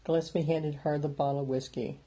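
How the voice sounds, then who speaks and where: Mellow-voiced male storyteller. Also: a little high, a little fast. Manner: plain steady reading, small lifts for dialogue. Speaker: narrator. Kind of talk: audiobook narration.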